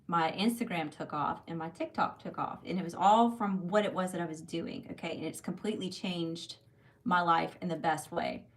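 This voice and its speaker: A woman, talking chattily on a live tarot stream and checking in with "okay?" as she goes. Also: on the low side. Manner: chatty, warm direct address with many "okay?" and "y'all". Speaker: tarot reader on a livestream. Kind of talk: live tarot reading and personal story.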